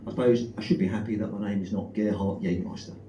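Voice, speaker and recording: A middle-aged man with a South London accent, doing a stand-up comedy set. He is deadpan and self-deprecating, with lots of ums and uhs. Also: fairly low pitch, fast talker, lo-fi sound. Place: comedy club stage with live audience. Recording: echoey room, mic far off, noisy.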